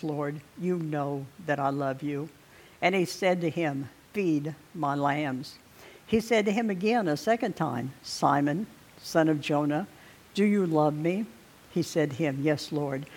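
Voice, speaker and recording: A man preaching a sermon, reading scripture aloud slowly and deliberately, with pauses to clear his throat. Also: a little high.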